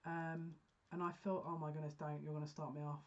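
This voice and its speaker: Woman, psychic card reader, earnest and emotional, fairly low voice, dull lo-fi recording. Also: level tone. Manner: earnest, emotional, halting restarts. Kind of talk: pick-a-card reading monologue. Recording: dull lo-fi sound.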